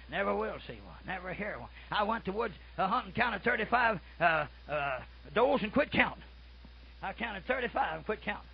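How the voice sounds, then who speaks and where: An older man preaching a folksy sermon, dropping to soft murmurs and then shouting out his stories. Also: extremely high pitch, creaky, husky. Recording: muffled lo-fi recording.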